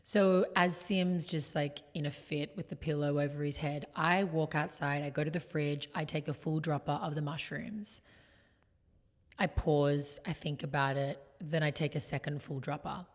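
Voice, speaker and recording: Young woman, low voice, chatty confessional storyteller, lots of fillers, long hall reverb. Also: fairly even intonation, normal speed. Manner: chatty, many "like" fillers, shifts between loud and hushed. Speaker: vlogger.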